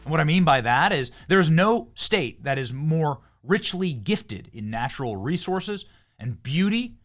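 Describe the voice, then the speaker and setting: A man's voice: fairly high pitch, fairly bright tone. A man hosting a political commentary show, speaking in a heated, emphatic and combative way. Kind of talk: opinion commentary.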